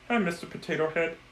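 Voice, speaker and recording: A man's voice: high-pitched, a bit bright, a little hiss or hum, full character voice. A man voicing a fussy, grumpy male puppet roommate who complains in an exasperated, whiny way. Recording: echoey room.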